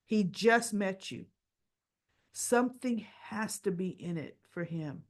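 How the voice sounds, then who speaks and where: A woman's voice: mid-range voice, slow pace. A woman hosting a casual soap opera recap, retelling scenes in a loose, chatty way with blunt, opinionated asides.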